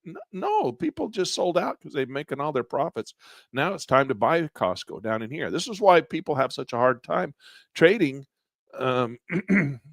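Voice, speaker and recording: A man teaching a live online trading class in a casual, folksy way, losing his voice and clearing his throat often, with quick asides that act out what traders think. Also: medium pitch, no echo, studio quality. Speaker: trading instructor. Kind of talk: live online class, walking through charts.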